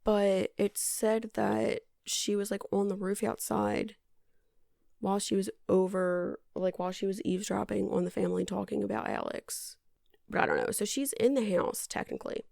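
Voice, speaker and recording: Woman, podcast host, dry sarcastic recap, gravelly fry, dry close sound. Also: medium pitch, steady tone, normal speed, darkish tone, no echo. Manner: dry, sarcastic, rambling with many likes. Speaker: podcast host, movie reviewer. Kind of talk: casual movie recap.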